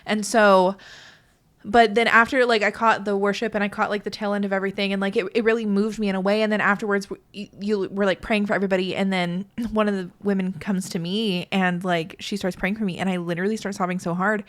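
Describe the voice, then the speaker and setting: A woman's voice: mid-range voice, little pitch movement, fast, fairly bright tone. A woman in her late twenties co-hosting a podcast, telling a candid personal story in casual chat, full of "like" and restarts. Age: 20s. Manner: candid, filler-heavy storytelling with frequent "like". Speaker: podcast co-host.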